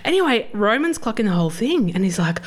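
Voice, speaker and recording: A woman in her thirties chats on a podcast, telling stories with plenty of laughter and casual swearing. Her pitch swings widely as she talks, rising and falling with each turn. She sits at a middle pitch for a woman. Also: quick pace. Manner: animated storyteller, laughs often, swears freely. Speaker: podcast co-host. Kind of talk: casual chat.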